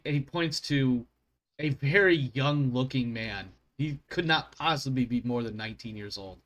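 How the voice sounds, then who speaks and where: A male game master narrates a tabletop campaign at a middling pitch. He rambles and keeps correcting himself, and he swears at his own slips. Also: normal speed, a bit bright.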